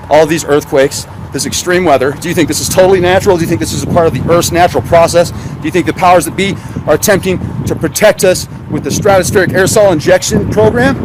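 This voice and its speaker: A man talks casually while driving, sarcastic and rambling, tossing questions out to his live chat. His voice sits high for a man. Road and wind noise run loudly under everything. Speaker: live-stream host. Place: in a car on the road. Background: car and wind noise.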